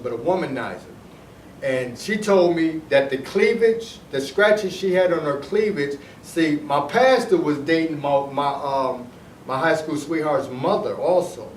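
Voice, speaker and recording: A middle-aged man from Detroit talks through his own story in a loose, rambling way, going back over his words and starting sentences again. His voice sits a little higher than most men's. He sounds set back from the mic in an echoey room, with a faint hiss behind him. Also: recorded from a distance. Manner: rambling, repeats himself, restarts sentences. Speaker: storyteller recounting his past. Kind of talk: casual personal storytelling.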